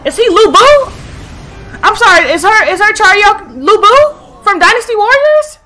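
Excitable woman reacting to anime. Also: very high voice, normal speed, faint music behind. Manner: excitable, cursing, talks back to the screen. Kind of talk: casual reaction commentary.

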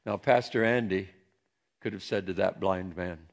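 A male pastor from central Pennsylvania preaching a sermon, with emphatic swings between soft and loud passages. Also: deep voice, moderate pace, creaky.

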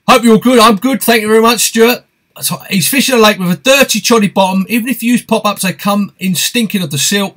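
A man's voice: high-pitched, a bit bright. A man hosting a live stream, reading out viewer comments and answering them in a chatty, friendly way. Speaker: host of a fishing live stream.

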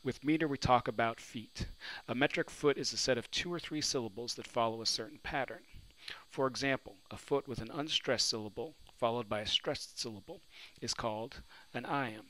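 Speaking at normal speed in a medium-pitched, fairly bright voice, a man teaches poetry in a recorded New Orleans lecture. He fields his own questions to the students, and the audio is poor.

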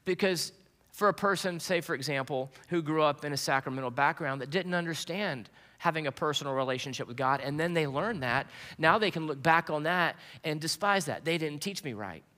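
Bright-voiced preacher in a reverberant hall. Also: male voice, on the high side, fairly quick. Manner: earnest storytelling preacher with restarts. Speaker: pastor. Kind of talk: sermon. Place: church sanctuary.

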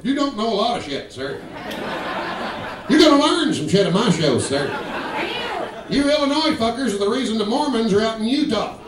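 A stand-up comedian with a Georgia accent, talking brash and profane and mimicking regional accents. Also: male voice, very high-pitched, very animated, normal speed, pauses often, a crowd in the background, background noise. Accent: Southern US, Georgia. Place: comedy club stage. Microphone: stage microphone. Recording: roomy live club recording from a distance. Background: audience laughter.

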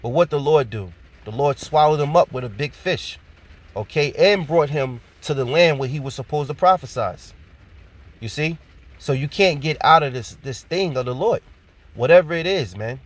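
A man giving an informal sermon. He reads scripture slowly, repeats his points and ends many phrases with "man". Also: a little high, lively intonation. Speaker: preacher.

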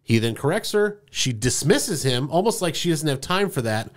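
A man's voice: a little high, moderate pace. A man co-hosting a movie podcast, talking animatedly and acting out quoted lines in casual chat. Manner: animated, acts out quoted lines, laughs often. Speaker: podcast co-host.

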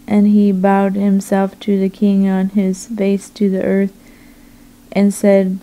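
A woman reading scripture aloud in a slow, deliberate, monotone way. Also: mid-range voice, poor audio.

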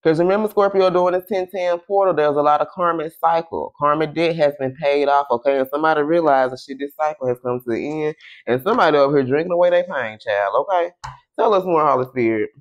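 A man with a fairly high voice gives a relaxed, chatty tarot reading at home. He swears now and then and drops "okay?" after nearly every line. He slows right down to stretch out his repeated questions to Spirit as he shuffles the cards. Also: muffled recording. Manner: chatty, tags lines with "okay?" and "y'all"; salty, swears casually. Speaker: tarot reader. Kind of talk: casual tarot reading to camera.

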